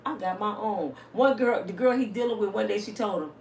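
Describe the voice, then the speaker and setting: Blunt, lively woman vlogging in a roomy space. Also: fairly high pitch, normal speed, creaky. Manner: blunt, salty, animated storytelling. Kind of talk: casual monologue to viewers. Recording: roomy, a bit distant, faint hiss.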